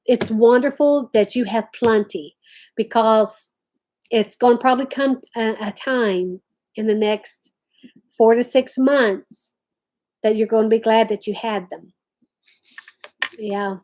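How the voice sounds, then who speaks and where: A woman's voice: a little high, fairly even intonation, unhurried, long pauses, a little mellow. A woman hosting a casual craft livestream from home, chatting and reading viewer comments aloud. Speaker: livestream host.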